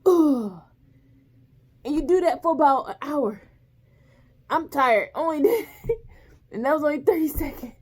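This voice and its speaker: Woman, 30s, higher voice, lively vlog storyteller, a little breathless. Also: moderate pace, pauses often. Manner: animated, acts out drill commands and groans. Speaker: vlogger.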